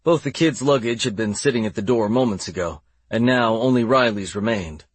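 A man with a husky voice narrating a first-person novel in a steady, measured way, recorded on a close studio mic. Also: lowish voice, dry recording. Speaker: audiobook narrator.

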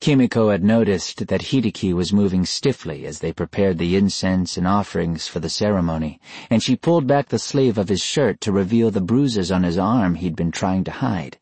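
A man reading a novel aloud in measured, scripted narration. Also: low voice, animated, a little mellow, slightly rough, no echo. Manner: measured storytelling. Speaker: audiobook narrator.

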